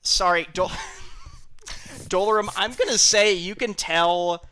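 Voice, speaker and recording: A man's voice: high-pitched, expressive, takes it slowly, pushed and bright, a little hiss or hum. A young man narrating a tabletop game as game master, casual and a little hesitant, laughing often.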